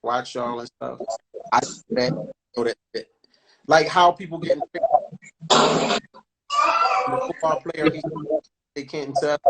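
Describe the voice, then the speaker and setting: Halting man hosting a casual interview. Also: a little high, a crowd in the background, low-quality recording. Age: 40s. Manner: halting, many restarts and fillers. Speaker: interview host.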